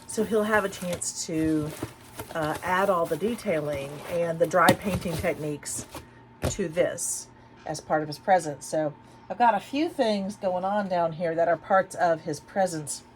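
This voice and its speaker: Chatty middle-aged woman, fairly low voice. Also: measured pace, background noise. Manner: chatty and rambling, with many fillers and restarts. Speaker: haul vlogger and mother. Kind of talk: casual chat. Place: a room at home.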